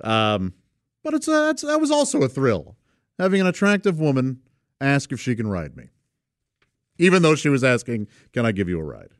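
A man's voice: mid-range voice, huge pitch swings, moderate pace, pauses often, no room sound, studio quality. A man casually telling a personal anecdote, rambling and correcting himself, and chuckling often as he goes. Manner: rambling, self-correcting delivery.

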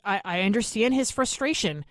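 A woman's voice: medium pitch, lively intonation, dry recording, clean studio sound. A woman from New York City with a New York accent, hosting an opinionated political monologue in an indignant, emphatic way. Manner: indignant, emphatic, rapid asides. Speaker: political commentary host.

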